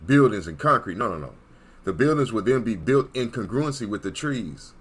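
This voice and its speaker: A man's voice: lowish voice, lively intonation, normal speed, husky. A man giving an emphatic, preachy monologue as an online commentator, repeating points and checking in with his listeners. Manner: emphatic, repetitive, checks in with "Okay?".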